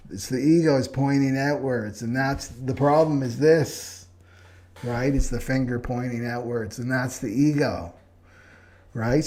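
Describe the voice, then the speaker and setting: A man's voice: mid-range voice, darkish tone. A man teaching a live astrology class in an earnest spiritual tone, often checking in with the listener. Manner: earnest, keeps asking "right?". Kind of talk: live online class talk.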